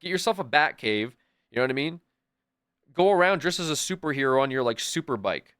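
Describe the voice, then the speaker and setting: Rambling, excitable young male streamer. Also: mid-range voice, a little fast, clear, resonant tone, no room sound, clean studio sound. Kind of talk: casual chat.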